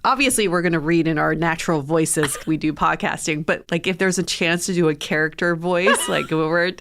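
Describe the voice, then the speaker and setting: A woman's voice: sits low, fairly quick, a bit bright, a little hiss or hum. A woman co-hosting a dating podcast in casual chat, playful and laughing often. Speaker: podcast co-host.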